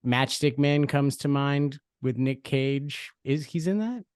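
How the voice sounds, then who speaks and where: A man co-hosting a podcast in casual chat, unsure, musing and halting. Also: medium pitch, darkish tone, smooth, no echo, studio quality. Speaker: podcast co-host.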